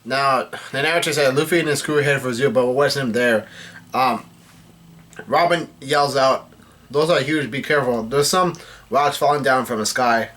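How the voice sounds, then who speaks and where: Speaking in a mid-range, slightly bright voice, a man reads casually through a comic chapter. He delivers the characters' dialogue plainly, in a halting way, frequently correcting himself as he goes.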